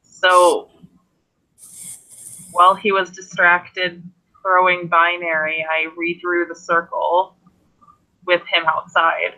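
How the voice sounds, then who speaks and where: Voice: mid-range voice, little pitch movement, slow, creaky, long pauses, bright, forceful tone, low-quality recording. A tabletop role-play player narrating their character's actions in third person and speaking for her.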